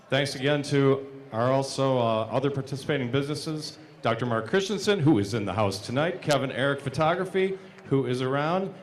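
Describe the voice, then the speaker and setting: A man's voice: medium pitch, a little hiss or hum. A man hosting a live music night, making upbeat announcements of sponsors and dates. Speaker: event host. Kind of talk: stage announcements. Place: pub stage.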